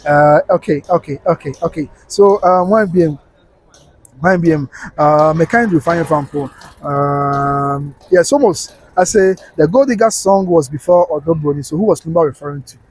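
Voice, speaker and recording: A man with a Ghanaian accent and a voice on the high side hosts a live stream at normal speed, with a little hiss or hum in the audio. He chats casually in a blend of English and Twi, reads viewer comments, laughs often, and breaks into snatches of song.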